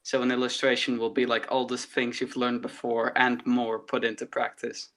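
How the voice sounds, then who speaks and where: A man's voice: medium pitch, completely flat delivery, moderate pace, fairly bright tone. A man, co-hosting a casual art podcast and explaining ideas with analogies. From Netherlands. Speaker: podcast co-host, artist. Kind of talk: casual chat.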